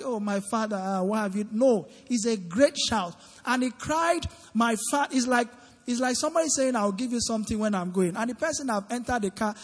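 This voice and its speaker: A man with a high voice preaches in an interactive style, quizzing his congregation and prompting them to call back answers. His voice rings through a large church hall with a long tail of reverb. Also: breathy edge. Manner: questioning the congregation, call-and-response. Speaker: preacher leading a midweek Bible study. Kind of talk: interactive sermon. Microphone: handheld microphone.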